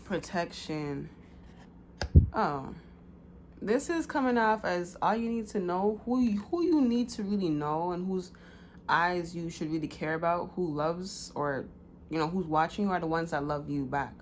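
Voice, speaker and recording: A woman's voice: on the low side, expressive, measured pace, slight background noise. A woman giving a casual pick-a-card tarot reading, loose and slangy with many fillers.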